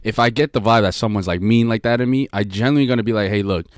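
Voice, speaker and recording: A man's voice: medium pitch, racing, clean tone, dry recording, clean studio sound. A man co-hosting a casual podcast, telling stories earnestly and repeating his points. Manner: earnest, repeats phrases, rambling storyteller. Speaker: podcast co-host. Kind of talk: casual chat.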